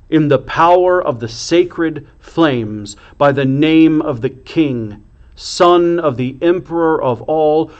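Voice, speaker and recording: A man voicing a brave, dignified older woman who speaks in a solemn, commanding, slow way in a storybook. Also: on the high side, muffled recording.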